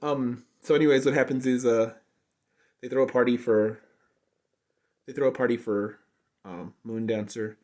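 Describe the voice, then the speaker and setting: A man's voice: medium pitch, steady tone, normal speed, long pauses, a little mellow. A man giving an unscripted, casual review, rambling along and saying "like" constantly. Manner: rambling, heavy use of "like" fillers. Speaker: show reviewer.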